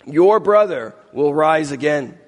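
A man reading the words of a calm, authoritative male teacher in a slow, solemn way during a scripture reading. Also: a little high, long reverb tail, voice pushed down.

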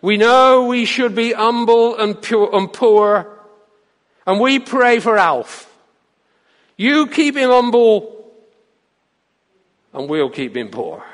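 A man voicing a cheerful, teasing Cockney church member with a broad, booming voice. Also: sing-song, unhurried, few pauses, fairly bright tone, big-room sound, exaggerated voice.

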